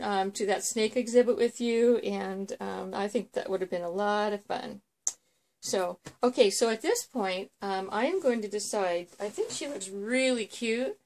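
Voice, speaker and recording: Brief: woman host, slightly high voice, rambling casual storyteller. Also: a little mellow. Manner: rambling storyteller with many fillers. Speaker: vlog host. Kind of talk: casual chat.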